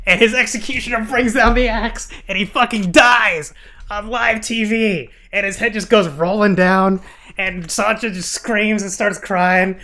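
A man co-hosting a casual podcast, recapping a show with lots of laughs and quick acted-out voices for the characters. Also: high voice. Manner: animated, laughs often, acts out characters in quick bits. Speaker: podcast co-host.

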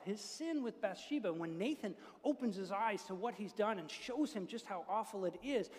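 A man preaching a sermon as pastor, earnest and building to emphatic peaks. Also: high-pitched. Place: church. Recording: long reverb of a church hall.

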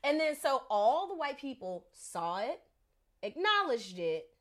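A woman's voice: high voice, unhurried. A woman telling a story in casual podcast chat, acting out the people in it. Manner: animated, acts out voices in her story.

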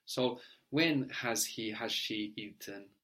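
A man teaching a language lesson, patiently prompting his student and spelling words out letter by letter, often checking with a quick "no?". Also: on the low side, pushed and bright.

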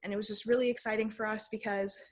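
A young adult woman talks through a personal story as a guest on a podcast. Her voice sits at an ordinary height and stays flat, with little rise or fall. She speaks casually and leans on "like" as a filler. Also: mid-range voice, fast talker.

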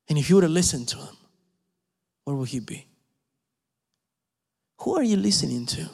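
Man, preacher, sermon, emphatic, shifts from loud pleading to whispers, long hall reverb. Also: a little high, lively intonation, normal speed, vocal fry, long pauses, breathy edge.

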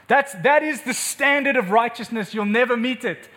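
A man's voice: very high voice, normal speed, bright, forceful tone. A male pastor preaching an impassioned, emphatic sermon in a church meeting room, repeating words for force.

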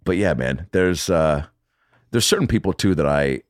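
A man's voice: deep voice, moderate pace, dry recording, studio quality. A man chatting casually as a podcast guest, telling stories with lots of swearing and acted-out quotes. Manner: animated storyteller, swears, acts out quotes. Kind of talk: casual chat.

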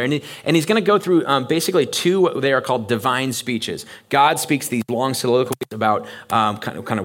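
A man preaching a sermon in a conversational, animated way, acting out the voices he quotes. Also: mid-range voice, fairly quick, few pauses. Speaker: pastor. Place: church.

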